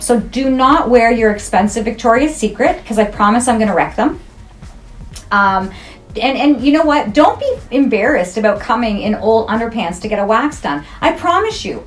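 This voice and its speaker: A middle-aged woman esthetician, talking frankly and jokingly in a casual interview. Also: a little high. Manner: frank, jokey and chatty.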